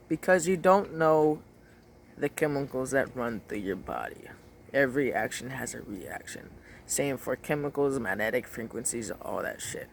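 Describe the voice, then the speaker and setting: A man's voice: medium pitch, expressive, moderate pace, gravelly, a little hiss or hum. A man ranting in casual talk, emphatic and profane, repeating his points. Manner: emphatic, swears a lot, repeats phrases.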